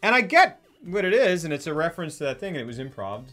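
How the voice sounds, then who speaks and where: A man co-hosting a casual film discussion, rambling with many fillers and jumping into animated impressions of scenes. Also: a little high, fast talker, soft background music. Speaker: podcast co-host.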